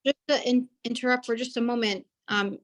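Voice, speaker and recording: A woman hosting a talk who gently and politely interrupts her guest speaker. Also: fairly high pitch, fairly even intonation, brisk. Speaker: host.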